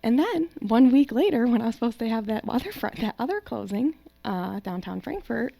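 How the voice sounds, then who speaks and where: A woman in her twenties, a real estate agent co-hosting a podcast, telling a story in a fast, animated, casual way with lots of "like.". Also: a little high, creaky, no echo. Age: 20s.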